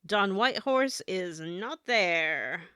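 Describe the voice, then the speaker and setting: A woman co-hosting a casual gaming podcast, recapping the story with many halting fillers. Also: on the low side, expressive, bright, forceful tone, clear, resonant tone, dry recording, clean studio sound. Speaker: podcast co-host. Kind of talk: casual chat recapping a video game.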